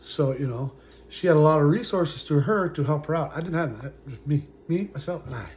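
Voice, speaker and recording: A man in his forties telling his own story as a vlogger, halting and full of fillers, his sentences often trailing off quietly. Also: a little high, animated, a little hiss or hum. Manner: halting, full of "uh" and "you know", trailing off softly. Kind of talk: personal storytelling to camera.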